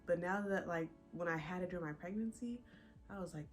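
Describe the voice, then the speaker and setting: A young woman vlogger chatting casually to her viewers, a bit out of breath and animated. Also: fairly low pitch, quick pace, soft background music. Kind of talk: casual chat to camera.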